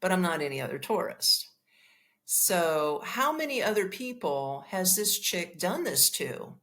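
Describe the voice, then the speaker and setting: A woman hosting a podcast, telling a story in a blunt, profane, animated way and acting out the dialogue. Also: fairly low pitch, unhurried. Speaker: podcast host. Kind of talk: casual storytelling monologue.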